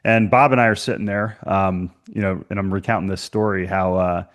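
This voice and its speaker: A man's voice: sits low, steady tone, brisk. A man hosting a podcast interview, telling stories in a chatty way with lots of fillers. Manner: chatty storyteller, many "you know" fillers. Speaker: podcast host. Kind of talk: casual interview chat.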